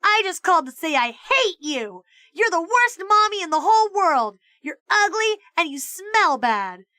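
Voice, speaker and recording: A woman's voice: extremely high pitch, very animated, a little slow, pushed and bright, no echo, studio quality, pitched above the performer's own voice, exaggerated voice. A woman voicing a sinister male teacher who mocks his pupils in stolen voices. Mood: mocking. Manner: mocking, sneering.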